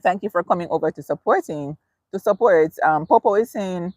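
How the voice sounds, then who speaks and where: A woman's voice: lowish voice, brisk, darkish tone, dry recording. A woman hosting a casual live stream, reading viewer comments aloud, chatty and laughing often. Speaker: livestream host.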